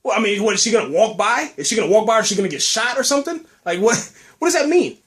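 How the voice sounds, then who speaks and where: A man hosting a casual podcast, ranting in an animated, slangy way and tossing in "man" and "you know what I'm saying" all the time. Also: high voice, rapid-fire. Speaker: podcast host. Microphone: podcast mic.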